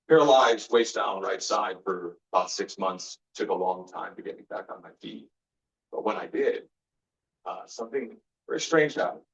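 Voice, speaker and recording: A man's voice: lowish voice, fairly bright tone. Earnest man speaking in a roomy hall. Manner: earnest storyteller, acts out quoted exchanges. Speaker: guest speaker. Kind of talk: faith-based motivational talk. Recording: roomy, distant, dull sound.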